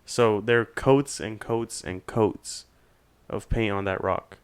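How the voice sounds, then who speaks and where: Smooth-voiced young man telling a story. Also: fairly low pitch, slow. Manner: animated storyteller, swears a lot, acts out voices of others. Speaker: podcast guest. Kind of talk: casual storytelling.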